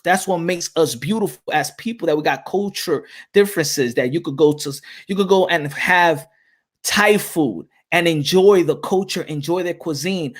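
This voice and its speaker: A man from New York with a New York accent, talking in a loose, rambling way, full of restarts and "you know what I'm saying". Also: a little high. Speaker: boxing channel host. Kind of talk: casual chat.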